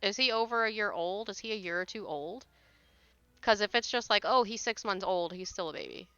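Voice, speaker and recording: Bright, crisp-voiced woman ranting. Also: mid-range voice, brisk, no room sound, dull audio. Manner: exasperated ranting, blunt, swears. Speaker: livestreamer. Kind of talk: casual chat while gaming.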